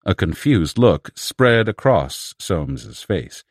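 A man reading a science fiction story aloud as narrator, in a measured storytelling manner. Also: low voice, sing-song, no echo, clean studio sound. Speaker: audiobook narrator. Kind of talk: scripted narration.

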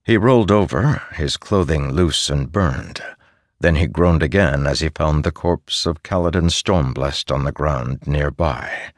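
Man, audiobook narration, steady, unhurried delivery, low voice. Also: no echo, studio quality. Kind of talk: scripted narration.

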